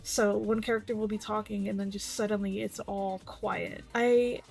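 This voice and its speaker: A woman's voice: mid-range voice, fairly even intonation, normal speed, creaky, a little mellow, faint music behind. A woman vtuber giving casual, blunt commentary, swearing freely and reading posts aloud.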